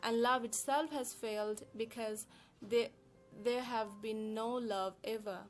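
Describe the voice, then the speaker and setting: A woman lecturing on a poem in a careful, explanatory way, often pausing with "uh" as she works through her points. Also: on the high side, fairly even intonation, soft background music. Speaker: literature teacher. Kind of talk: recorded poetry lesson.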